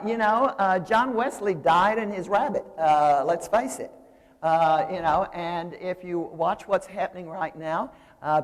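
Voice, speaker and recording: An older woman giving a lively, discursive seminary lecture while explaining at a drawing board. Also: on the low side. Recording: reverberant lecture hall.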